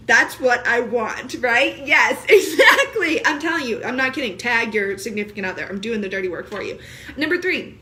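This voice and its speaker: A woman in her thirties, a mother of young kids, talking casually to camera in an animated, joking way with frequent laughter. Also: fairly high pitch, normal speed. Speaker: vlogger.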